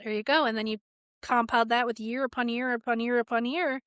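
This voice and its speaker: A woman's voice: on the high side, fairly even intonation, brisk, fairly bright tone, no echo, clean studio sound. A woman in her forties, a podcast guest talking frankly and with animation in a casual interview. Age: 40s.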